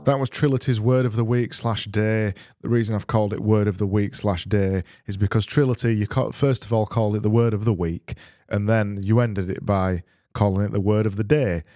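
A man's voice: lowish voice, fairly even intonation, fairly quick, warm tone, dry recording. A British man hosting a casual podcast and reading out listener messages in a dry, mock-serious way with self-mocking asides. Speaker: podcast host.

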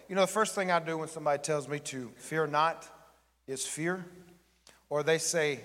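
Joking pastor preaching in an echoing hall. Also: male voice, fairly high pitch, moderate pace, a bit bright. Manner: joking, conversational preaching with the congregation. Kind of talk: sermon. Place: church sanctuary.

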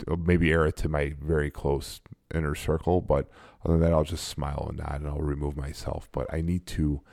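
A man's voice: a bass voice, level tone, moderate pace, creaky, a little mellow, dry recording, studio quality. A man in his forties, a guest in a casual interview, talking in a blunt and emphatic way. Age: 40s. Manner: blunt and emphatic, self-described sarcastic.

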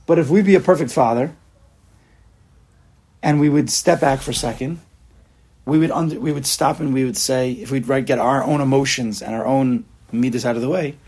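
A man teaching a Talmud and Chassidus class, chanting the texts and explaining them in an animated way. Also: medium pitch, breathy edge. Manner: animated, sing-song reading of Hebrew and Aramaic text. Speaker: Torah teacher.

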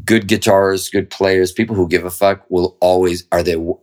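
A man's voice: low voice, steady tone, normal speed, a little mellow. A middle-aged man, a guest guitarist in a casual interview chat, explaining his views at length with candid, freely swearing talk.

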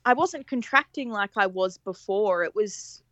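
Animated woman telling a story. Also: medium pitch, measured pace. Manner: animated, laughs often, acts out quoted lines. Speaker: podcast guest telling her birth story. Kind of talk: casual storytelling interview.

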